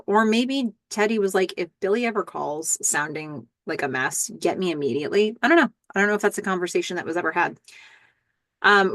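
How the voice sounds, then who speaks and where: A woman's voice: mid-range voice, no room sound. A woman hosting a podcast, recapping a TV episode in a chatty way and acting out the lines she quotes. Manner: chatty, stammers and restarts, acts out quoted lines. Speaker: podcast host. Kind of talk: TV episode recap, casual narration.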